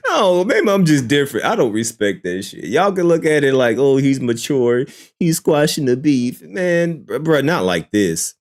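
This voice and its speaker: Male streamer, exasperated and profane, very lively pitch, keeps circling back on the same words. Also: moderate pace, hardly any pauses. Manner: profane, exasperated, repeats himself, swings from shouting to muttering. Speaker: streamer reacting to a song. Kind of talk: live-stream reaction.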